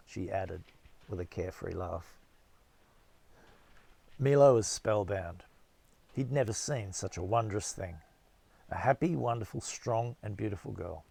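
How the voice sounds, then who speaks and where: A man narrating a novel as an audiobook in a steady, measured storytelling manner. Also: on the low side, vocal fry, breathy edge.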